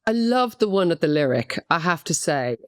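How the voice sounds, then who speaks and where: Chatty middle-aged Irish woman, lowish voice. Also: sing-song, normal speed, no room sound, studio quality. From Ireland. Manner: candid, chatty and self-deprecating, with many "um"s. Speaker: guest actress. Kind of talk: podcast interview.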